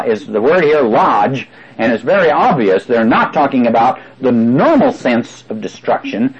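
A man's voice: mid-range voice, breathy edge, lo-fi sound. A man preaching a sermon, explaining and repeating words for emphasis, with frequent fillers.

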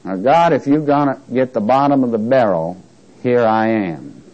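Male Bible teacher leading a chatty class; drawn-out scripture reading, playful asides. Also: medium pitch, darkish tone, highs cut off. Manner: reads scripture slowly with emphasis, jokes with class. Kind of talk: interactive Bible lesson.

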